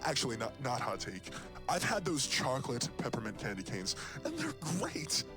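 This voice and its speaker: A man voicing a casual, opinionated monster in a game, ranting with mock seriousness and leaping up in pitch for emphasis. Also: wildly swooping pitch, normal speed. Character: rambling casual male monster, easygoing and opinionated. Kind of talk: game character dialogue. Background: game music.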